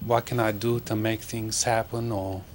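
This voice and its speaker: A man with a fairly low voice asks the panel a long, rambling question, with frequent ums and uhs. A faint hiss of background noise sits under his words, and he sounds as if he is some way off the microphone. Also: little pitch movement, normal speed. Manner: rambling with many fillers, self-promoting. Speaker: audience member asking a question. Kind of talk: asking a question at a studio event.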